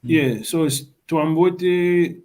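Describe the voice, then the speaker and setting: A man's voice: fairly high pitch, extremely slow, darkish tone. A man taking part in a language class as a student, tentatively trying out the words.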